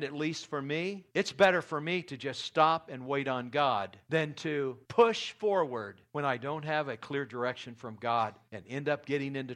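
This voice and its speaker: Earnest preaching man, slightly high voice. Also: fairly bright tone. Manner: earnest, storytelling preacher with emphatic rises. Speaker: pastor. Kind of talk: sermon.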